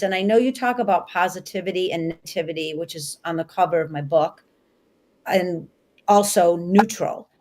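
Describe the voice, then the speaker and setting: A woman co-hosting an interview, asking long, earnest, enthusiastic questions. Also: mid-range voice. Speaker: co-host.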